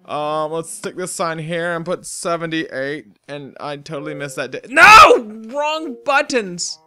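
A young man from North Carolina narrates his let's play in a high voice. His tone is bright and sharp, and he rambles along and jokes with the farm animals in his game. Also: level tone, moderate pace, clean tone. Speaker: gaming host. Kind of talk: casual let's play commentary.

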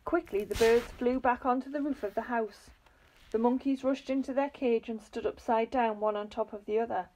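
Children's book reader, woman, fairly high, lively and expressive. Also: moderate pace, slight background noise. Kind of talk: reading a children's book aloud.

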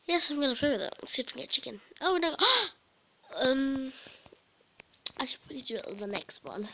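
A woman's voice: high-pitched, animated, brisk, bright, forceful tone, rough recording. A woman chatting casually and rambling as she narrates her own game role-play. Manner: chatty, rambling, with many restarts.

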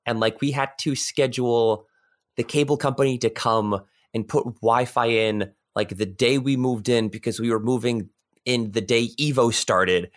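A man's voice: medium pitch, fairly even intonation, normal speed. A young man from New York telling a story in casual podcast chat, rambling with lots of fillers and restarts. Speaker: podcast guest.

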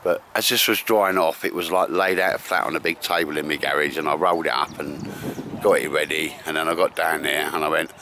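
A man's voice: a bass voice, steady tone, fairly quick, vocal fry, few pauses, bright, forceful tone. A man filming his camping weekend, chatting in matey banter and saying "mate" all the time. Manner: matey banter, says "mate" and "bosh" constantly. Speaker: vlogger. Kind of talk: casual chat while filming a camping trip. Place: outdoors at a windy campsite. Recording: faint wind and outdoor noise.

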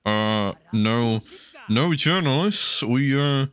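A man's voice: medium pitch, slow, fairly bright tone, smooth. A man giving casual, rambling game commentary, mocking himself and swearing freely. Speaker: gaming channel host.

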